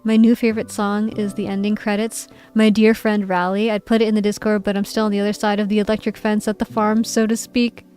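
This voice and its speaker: A woman's voice: medium pitch, level tone, fairly quick, hardly any pauses, darkish tone. A woman streamer in a casual livestream chat, playful and giggly, reading viewers' messages aloud. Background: faint background music.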